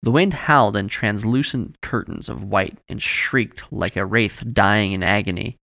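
A male audiobook narrator with a gravelly, creaky texture and a bright, forward tone. He tells the story at a measured pace in a close, dry recording. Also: lowish voice, no echo. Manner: measured storytelling, voices each character. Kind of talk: scripted narration.

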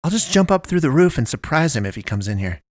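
A man's voice: a little high, big pitch swings, fast, no echo, pitched above the performer's own voice. A man doing a bossy young boy. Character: bossy boy playing soldier, secretive. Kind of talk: storybook character voice.

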